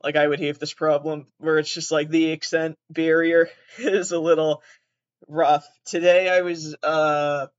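A man from southeastern Massachusetts with an upper Midwestern or southern Canadian accent hosts a casual solo podcast. His voice is on the high side, level, and unhurried, rambling, laughing mid-sentence, swearing freely, and teasing himself. The clean, dry recording has its highs cut off.

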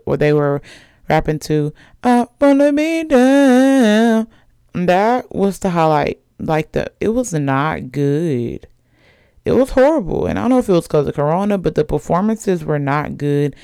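A woman's voice: low-pitched, a little mellow, clear, resonant tone, no room sound, studio quality. A young woman hosting a podcast in casual chat, gossipy and chatty, laughing often. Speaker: podcast host.

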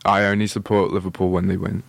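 A man's voice: low voice, flat delivery, quick pace, vocal fry, dry recording. A young man from Merseyside, England, guesting on a podcast in casual chat, making dry teasing remarks and chuckling.

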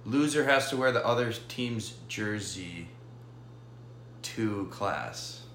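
Young guy on a casual sports podcast, wry and teasing, bright lowish voice, echoey room with a faint hum. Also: expressive, slow. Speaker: podcast co-host.

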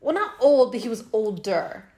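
A woman's voice: on the high side, expressive, moderate pace, warm tone. A woman in her thirties co-hosting a podcast, chatting casually and laughing often as she tells stories. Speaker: podcast co-host. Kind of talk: casual chat, storytelling.

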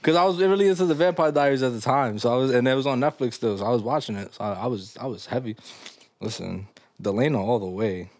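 A man's voice: mid-range voice, fast talker, a little mellow, no echo. A young man hosting a casual comedy podcast, reading listener stories aloud and reacting with crude slang and frequent laughter.

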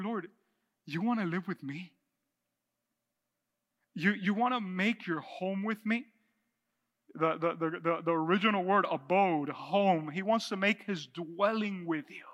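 High bright-voiced preaching man in a hall. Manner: animated preaching, reading scripture aloud. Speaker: pastor. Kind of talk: sermon. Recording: long hall reverb.

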